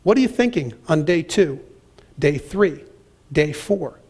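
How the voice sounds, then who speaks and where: A man's voice: on the high side, lively intonation, unhurried, a little mellow, breathy edge. A man preaching a sermon and reading scripture aloud, with dramatic pacing and emphatic, acted-out quotes. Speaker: pastor.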